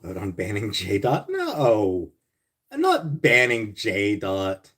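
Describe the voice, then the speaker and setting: A man's voice: lowish voice, huge pitch swings, slow. Profane, sarcastic man ranting on a livestream. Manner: blunt and profane, swinging between mutters and loud rants. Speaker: livestream host. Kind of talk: casual livestream chat reading viewer comments.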